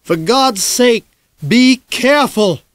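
A man's voice: mid-range voice, expressive, slow pace, no room sound, clean studio sound. Man voicing a pleading small-town mayor. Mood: hollering. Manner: pleading, then hollering after a boy. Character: worried middle-aged male small-town mayor.

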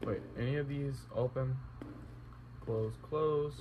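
A man's voice: medium pitch, slow, phone-quality sound, noisy background. A young man commentating a horror game let's play, talking to himself and exclaiming at scares. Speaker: gaming YouTuber.

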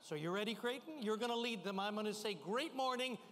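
An older man speaking to a crowd with a high, energetic voice, calling out to the audience and getting them on their feet. His voice rings out with a long reverb from a big hall. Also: fast. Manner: energetic, rousing the crowd with call-and-response shouts. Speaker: guest speaker. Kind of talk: motivational keynote to a live audience. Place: large event hall.

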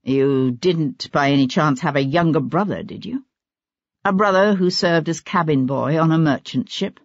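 A woman voicing a composed aristocratic young man in an audiobook, speaking low and measured. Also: no echo, muffled recording.

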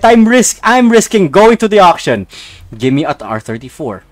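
Excitable young man streaming a racing game. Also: high voice, normal speed. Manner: excitable, swings from mumbling to outbursts. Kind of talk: casual live-stream commentary.

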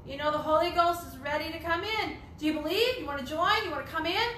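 A woman's voice: very high-pitched, fast, pushed and bright, slight background noise. A woman teaching a Bible study, emphatic and repetitive, asking rhetorical questions. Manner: emphatic, repeats phrases, asks rhetorical questions. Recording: echoey room.

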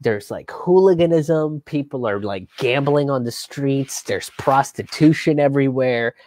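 An unhurried, a little mellow medium-pitched male voice comes with a little hiss or hum. He hosts a live history and politics show, chatting loosely through the story with many fillers and restarts, swearing and acting out quotes.

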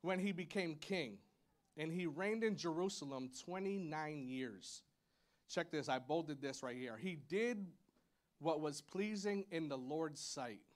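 A pastor talks a little slowly but with lively intonation, giving a relaxed, playful sermon to a congregation in a church sanctuary. His delivery is chatty and packed with "y'all" and "like," accompanied by high playful sound effects.

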